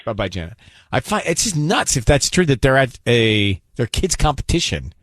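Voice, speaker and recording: Man, radio host, joking banter, very animated pitch, dry studio sound. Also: no echo. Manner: joking, teasing, quick laughs. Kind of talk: casual morning radio banter.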